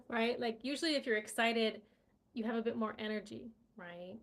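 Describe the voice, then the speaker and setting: A woman's voice: a little high, normal speed, fairly bright tone. A woman hosting a casual live-stream English lesson, chatty, full of fillers and "right?" checks. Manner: chatty, many fillers and tag questions.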